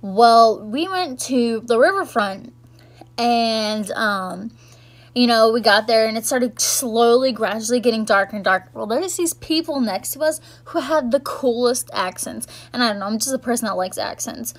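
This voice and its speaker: A young woman talks straight to the camera in a loose, rambling vlog style. She fills her sentences with "like" and "um", and her voice sits a little high. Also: animated, normal speed. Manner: chatty, rambling, lots of "like" and "um". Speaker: vlogger. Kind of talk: casual chat recapping the year.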